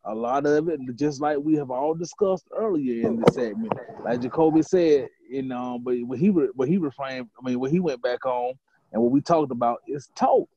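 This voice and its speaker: A man co-hosting a podcast, sharing a story in a measured, casual way. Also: medium pitch, mellow, slightly rough. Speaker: podcast co-host. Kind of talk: casual conversation. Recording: dry, dull lo-fi podcast audio.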